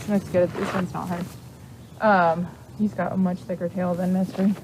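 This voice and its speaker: A woman's voice: lowish voice, little pitch movement, moderate pace, background noise. A young woman teaching horse exercises in casual, chatty talk while working with a horse at a barn. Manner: chatty, explains freely, coos softly to the horse. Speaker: equine exercise instructor.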